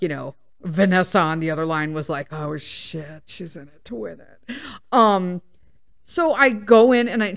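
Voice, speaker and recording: A woman hosting a casual chat show, telling a story in an exasperated, profane way and acting out the other people's lines. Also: lowish voice. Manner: profane, exasperated, acts out quoted voices. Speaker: podcast host.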